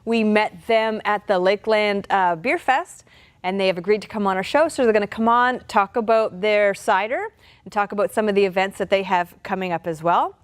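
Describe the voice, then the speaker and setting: A woman's voice: mid-range voice, moderate pace, smooth, no room sound. A woman hosting a show, reading announcements in an upbeat announcer manner. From Canada. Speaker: show host.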